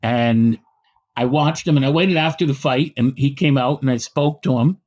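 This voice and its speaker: A middle-aged man from Canada, a boxing historian telling anecdotes in an interview, with many restarts and lively acted quotes. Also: medium pitch, normal speed. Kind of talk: storytelling in a podcast interview.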